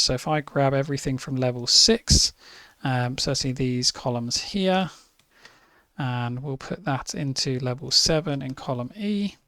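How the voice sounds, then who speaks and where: A man's voice: medium pitch, no room sound. A man walking through a spreadsheet puzzle in a screen-recorded tutorial, explaining each step methodically with frequent ums. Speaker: spreadsheet competition presenter.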